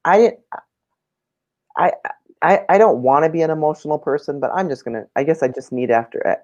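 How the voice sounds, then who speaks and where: A woman's voice: low-pitched, lively intonation, fairly quick, a little mellow, muffled recording. A woman hosting a conversation, speaking earnestly and restarting her sentences when she is moved. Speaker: host. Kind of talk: casual conversation.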